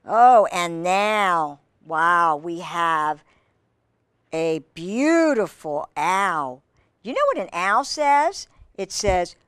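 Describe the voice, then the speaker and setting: A woman reads a picture book to children, her voice rising and falling with lively, sing-song swings. She takes her time, breaking off for friendly asides to her young listeners. The sound is dry and close, with no room around it. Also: fairly low pitch, takes it slowly, clear, resonant tone, dry recording. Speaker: children's storyteller.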